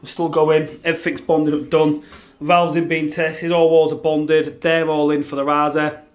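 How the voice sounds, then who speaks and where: A man's voice: on the high side, level tone, normal speed. A man, the owner of a plumbing business, narrating a casual vlog from a building site, chatty and joking with his crew, tired at the end of a long day. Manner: chatty, banters and laughs with the crew.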